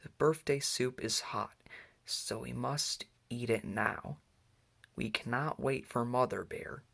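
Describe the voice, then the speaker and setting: Un hombre leyendo como un osito alegre y entusiasta. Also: male voice, medium pitch, slow pace, vocal fry, a bit bright, heavily acted. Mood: eager. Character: cheerful little boy bear cub. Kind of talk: reading a children's book aloud.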